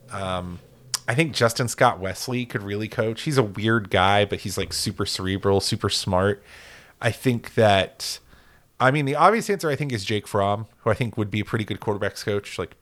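A man co-hosting a casual sports podcast, rambling and joking with lots of fillers and restarts. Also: on the low side. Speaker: podcast co-host.

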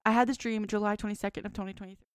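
Smooth-voiced woman in her twenties. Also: mid-range voice, fairly even intonation, racing, dry recording, clean studio sound. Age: 20s. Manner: rambling, frequent "like" fillers. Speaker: podcast co-host. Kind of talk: casual chat, reading a dream journal.

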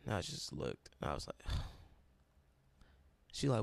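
Gravelly young man sharing a testimony. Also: deep voice, huge pitch swings, slow pace, no echo. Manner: emotional and self-described dramatic, near tears. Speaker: college Bible study leader. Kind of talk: personal testimony storytelling.

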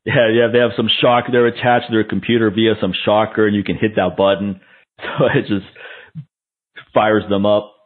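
A man's voice: on the low side, little pitch movement, normal speed. A man hosting a casual radio interview, joking and laughing often. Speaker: radio host. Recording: phone-line radio sound.

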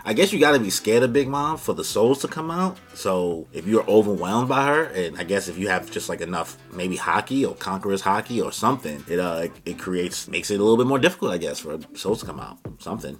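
A man hosting a casual comic chapter review from his home recording room, talking in a slangy, excitable way with sudden exclamations. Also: deep voice, fairly quick, few pauses. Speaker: manga chapter reviewer, channel host. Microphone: camera setup at home.

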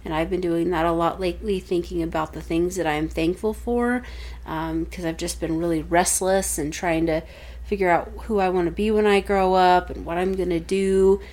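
A woman in her thirties co-hosts a casual podcast talk show, telling stories chattily and acting out the voices of family members she quotes. Her voice is lowish and a little mellow, with fairly even intonation at normal speed.

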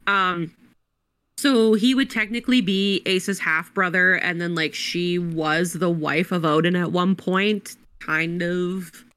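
A bright-toned woman chatting casually on a podcast. She explains things in a loose, rambling way with plenty of "um" and "like". The sound is dry and close. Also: on the low side, fairly even intonation, slow pace, clear, resonant tone, no echo. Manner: chatty, explains lore with many fillers. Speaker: podcast co-host and game master.

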